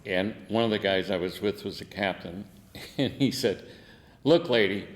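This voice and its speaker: A man's voice: on the low side, normal speed, big-room sound. An older man, a veteran, telling war stories in an oral history interview, salty and laughing, acting out the quotes. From United States.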